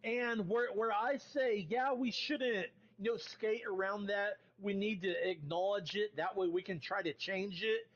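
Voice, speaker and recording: Male guest, rambling profane rant, high voice, dull lo-fi call audio. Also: fairly even intonation, unhurried, hardly any pauses, fairly bright tone. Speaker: stream guest. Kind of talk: casual chat in voice call.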